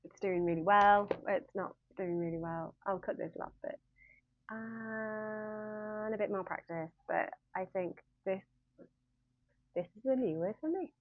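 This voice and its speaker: A woman in her fifties chats to her phone camera in a rambling, self-mocking way, laughing at herself as she goes. Her voice sits a touch low. The sound is dry and boxy, thin like a phone line. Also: moderate pace, no echo. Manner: rambling, chatty, self-deprecating with frequent laughs. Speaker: university lecturer in human-computer interaction. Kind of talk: casual talking-head vlog.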